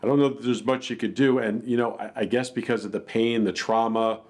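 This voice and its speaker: A man's voice: lowish voice, fairly even intonation, brisk. A man earnestly telling a personal account in a plainspoken, reflective way. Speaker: dog attack victim telling his story.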